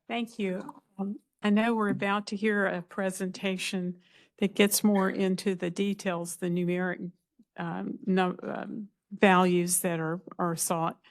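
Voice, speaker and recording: A woman commissioner asking questions at a public meeting, speaking deliberately and searching for words. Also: medium pitch, level tone. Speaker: commission member.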